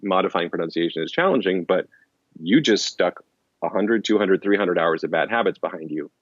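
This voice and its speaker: A man's voice: low-pitched, animated, brisk, no echo, lo-fi sound. A man as an interview guest, explaining in casual rambling talk full of restarts and fillers. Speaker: interview guest, language-learning author.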